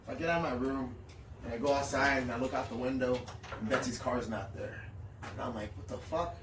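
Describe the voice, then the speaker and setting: A man's voice: mid-range voice, fairly quick. A man casually telling a long profane story on a podcast, acting out what everyone said. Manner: profane, animated storytelling with acted-out quotes. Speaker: podcast co-host. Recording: echoey room, distant mic, faint noise.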